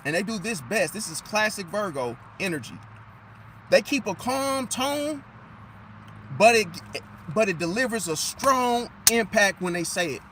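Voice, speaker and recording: A man giving an animated, emphatic astrology monologue and losing his voice. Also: sits high, unhurried, slight background noise. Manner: animated, emphatic, repeats "see?"; drops into mocking impressions of others. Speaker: astrology commentator. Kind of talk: casual monologue.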